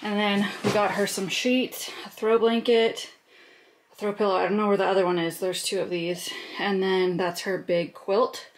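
A woman's voice: medium pitch, flat delivery, normal speed, a little hiss or hum. A woman in her thirties vlogging casually while moving house, chatty, out of breath and laughing often. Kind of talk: casual vlog chat.

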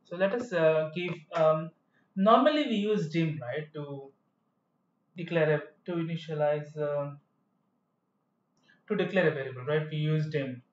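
A man with a somewhat high voice teaches code in a screen-recorded tutorial, talking a little slowly and pausing often. His explanations ramble and correct themselves, and the room sounds echoey and dull.

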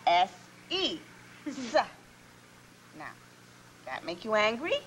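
A woman's voice: mid-range voice, very animated, takes it slowly, fairly bright tone, slight background noise. A woman explaining things patiently, with a little stammer.

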